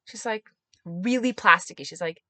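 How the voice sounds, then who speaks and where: Woman, podcast host, bright voice, dry close mic, animated storytelling, acts out voices. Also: moderate pace, dry recording. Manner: animated, acts out quoted voices with big pitch jumps and laughs. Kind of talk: casual storytelling monologue.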